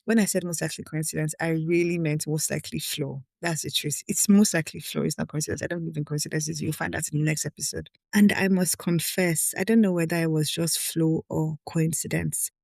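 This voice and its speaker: A woman's voice: low voice, fairly even intonation, fairly quick, gravelly, few pauses, darkish tone, no room sound. A woman hosting her own podcast, reading a personal article aloud and breaking off into frank, emotional asides to her listeners. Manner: candid and emotional, often breaking off to address listeners directly. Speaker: podcast host.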